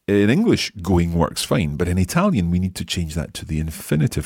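A man hosting a podcast language lesson, modelling phrases slowly and patiently for a learner. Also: sits low, huge pitch swings, gravelly, darkish tone, breathy edge, dry recording, studio quality. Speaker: language teacher and host.

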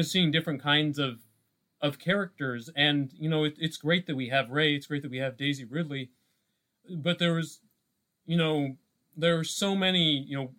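A man co-hosting a podcast, chatting casually with many pauses, restarts and "you know"s. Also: a little high, fairly bright tone. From Scottish roots. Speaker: podcast co-host. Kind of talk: casual chat.

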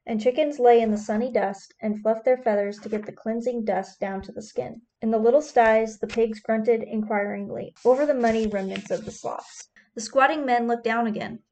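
A woman narrating an audiobook in a measured, descriptive manner. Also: a little high, fairly even intonation, a little mellow, slight background noise.

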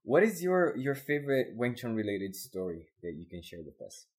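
A man's voice: mid-range voice, sing-song, normal speed, darkish tone. A man hosting an interview in a curious, engaged, conversational way. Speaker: host.

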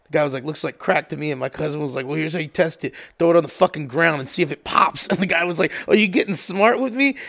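A podcast co-host with a fairly high, slightly bright, creaky voice talks quickly with few pauses. During casual banter he swears freely and acts out the people in his stories, quoting them.

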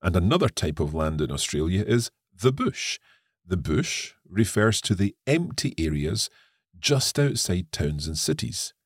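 Scottish man, language teacher, very low, lively intonation, husky, dry close sound. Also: unhurried, dry recording. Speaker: co-host and English teacher. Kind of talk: language-lesson podcast.

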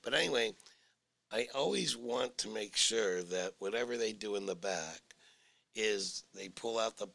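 A man's voice: fairly low pitch, unhurried, vocal fry, a bit bright. A middle-aged man, a store owner and guest, chatting casually with wry, dry humor. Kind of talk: casual chat.

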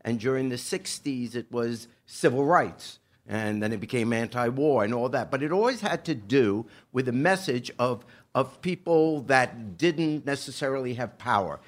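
A man hosts an interview, thinking out loud as he builds his question and restarting his sentences. His pitch sits in the middle range. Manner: musing, halting, full of restarts. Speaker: interview host. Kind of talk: casual interview.

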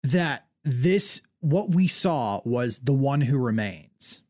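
A man's voice: medium pitch, expressive, slow, darkish tone. A man co-hosting a podcast in casual chat, enthusiastic and retelling scenes breathlessly. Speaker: podcast co-host.

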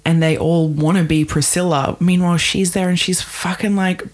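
A woman's voice: on the low side, fairly even intonation, normal speed. A woman co-hosting a podcast, chatting casually about a film with lots of fillers. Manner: chatty, many fillers, frequent laughs. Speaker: podcast co-host.

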